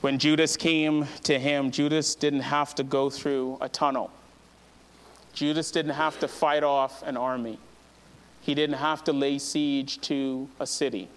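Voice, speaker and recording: A man preaching a sermon as pastor, moving from quiet, low statements to loud, high-pitched fervor. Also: level tone, measured pace, clean tone.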